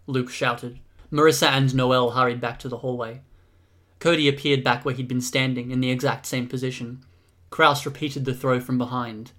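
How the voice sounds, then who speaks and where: A man giving steady audiobook narration. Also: medium pitch, normal speed.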